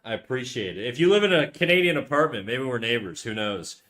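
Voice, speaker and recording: A man's voice: mid-range voice, lively intonation, a little fast, fairly bright tone. A young man live-streaming from his apartment into a desk condenser mic, chatting casually and swearing as he reads his chat while he draws. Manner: laid-back, swears a lot, reads chat aloud. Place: his apartment, untreated room. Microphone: USB condenser desk mic.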